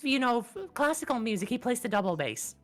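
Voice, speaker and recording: A young woman with a Finnish accent, a VTuber guest chatting casually in an interview, full of fillers and quick asides. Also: a little high, sing-song, soft background music. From Finland.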